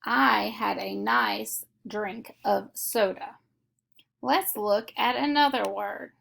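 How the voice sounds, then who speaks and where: A woman teaching a phonics lesson, explaining each step slowly and methodically. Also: mid-range voice, creaky, a bit bright. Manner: slow, deliberate, methodical explanation.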